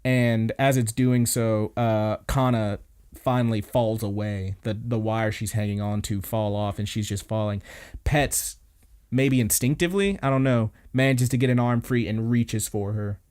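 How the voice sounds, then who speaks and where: A man hosting an anime podcast, excitedly retelling scenes and swearing freely. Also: on the low side, unhurried, clear, resonant tone. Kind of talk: casual podcast recap.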